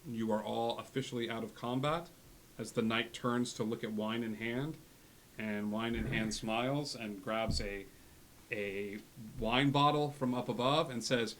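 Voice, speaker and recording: A man narrating a tabletop game as game master, at a middling pitch. He talks in a halting way and restarts often. A faint hum sits behind him. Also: steady tone, a bit bright.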